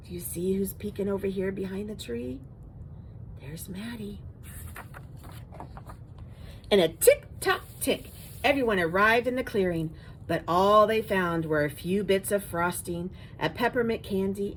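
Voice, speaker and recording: A woman reading a children's picture book aloud, expressive and asking listeners about the pictures. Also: mid-range voice, normal speed, a little hiss or hum, poor audio.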